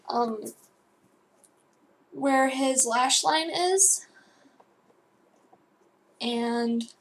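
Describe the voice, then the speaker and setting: A woman's voice: on the high side, gravelly, a bit bright, a little hiss or hum. Rambling young woman explaining digital painting. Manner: rambling, self-correcting, with fillers and asides. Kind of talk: casual tutorial voice-over.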